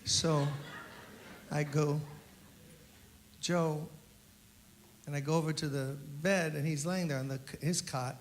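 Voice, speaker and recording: Slightly high-voiced pastor telling stories. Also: male voice, takes it slowly, pauses often, a little hiss or hum. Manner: animated anecdotal storyteller, acts out quotes. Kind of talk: memorial eulogy storytelling. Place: memorial service.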